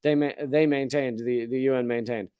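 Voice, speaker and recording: A man's voice: mid-range voice, fairly even intonation, normal speed, warm tone, smooth. A man in his forties hosting a comedic political monologue, sardonic and profane, riffing with asides while reading news stories. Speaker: comedian and political commentary host.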